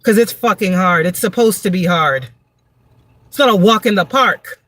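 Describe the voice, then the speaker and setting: A woman's voice: mid-range voice, normal speed, fairly bright tone, dry recording. A woman giving a tarot reading in a livestream monologue, blunt, profane and preachy, repeating words for emphasis. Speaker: tarot reader and spiritual advisor.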